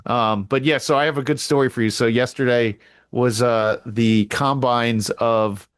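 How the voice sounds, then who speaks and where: A middle-aged man co-hosting a casual podcast who tells stories animatedly and jumps up in pitch when he acts out what people said. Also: steady tone, unhurried, smooth, dry recording, clean studio sound. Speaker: podcast co-host; girls flag football coach. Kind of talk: casual chat.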